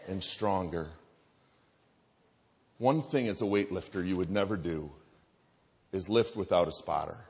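A man preaching a sermon in a church, telling stories and dropping to soft, earnest tones. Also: lowish voice, breathy edge. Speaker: pastor. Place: church sanctuary. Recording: long hall reverb.

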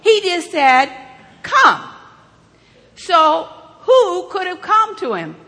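Lady preaching, high bright voice, real slow storytelling, big echoey church sound. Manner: animated, dramatic retelling with rhetorical questions. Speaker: children's sermon leader. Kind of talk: storytelling sermon with questions to listeners. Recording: reverberant hall.

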